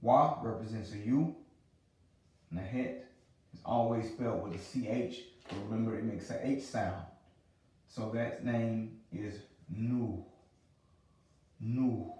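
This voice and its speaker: Guy teaching letters, low mellow voice, says sounds over and over, big echoey room. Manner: repeats pronunciations slowly and patiently. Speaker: religious language teacher. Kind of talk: teaching a lesson. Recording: roomy sound from a distant mic.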